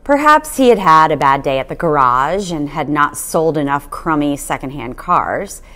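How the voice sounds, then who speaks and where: Expressive woman reading a storybook. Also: deep voice, normal speed. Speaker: storybook reader. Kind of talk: reading a children's novel aloud.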